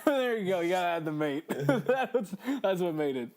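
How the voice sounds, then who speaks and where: A man co-hosting a podcast in casual chat, excitable, swearing and laughing as he talks through a game. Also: high voice, normal speed. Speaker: podcast co-host.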